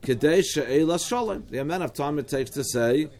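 A man's voice: on the high side, lively intonation, normal speed, a little mellow. A man with an Australian accent teaching a Talmud study class, explaining step by step with frequent restarts and asides.

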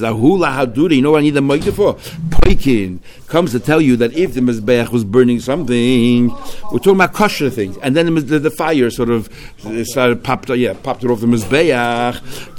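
A man's voice: medium pitch, a little mellow. A man teaching a religious text passage, mixing Hebrew and Aramaic study terms into English and asking himself questions before answering them. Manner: asks himself questions and answers them, rising sharply on key points. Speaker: Talmud teacher.

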